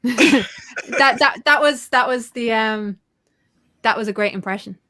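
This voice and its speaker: Bubbly woman hosting a live chat show, fairly high voice, quick to laugh. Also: pushed and bright. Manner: bubbly, chatty, laughs often. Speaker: host. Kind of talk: casual livestream chat.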